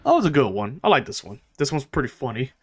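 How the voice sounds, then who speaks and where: A man casually reacting while playing through a story game, excitable and quick to swear. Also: medium pitch, husky. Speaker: gaming streamer.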